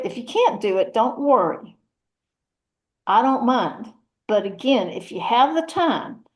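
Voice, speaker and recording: A woman's voice: mid-range voice, close to an everyday voice. A woman voicing a chatty, churchgoing rural mama, rambling in a folksy, motherly way. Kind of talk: one-woman audio play reading.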